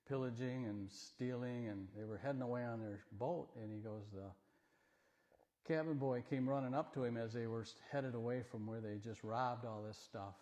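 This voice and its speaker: A man of average pitch talking to a congregation in a folksy, rambling way, with homespun anecdotes and light jokes. His voice carries a long reverb through the church hall. He sounds like a plain-spoken visiting speaker rather than a trained preacher. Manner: rambling, homespun, gently joking. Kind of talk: folksy storytelling talk in church. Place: church sanctuary.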